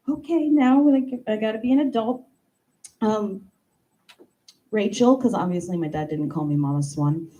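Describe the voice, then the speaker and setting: A woman in her thirties performing a stand-up comedy monologue, animated and playful, acting out the voices in her stories. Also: on the low side, normal speed, long pauses, low-quality recording. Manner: animated, acts out quoted voices, playful asides. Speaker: comedian doing a stand-up bit.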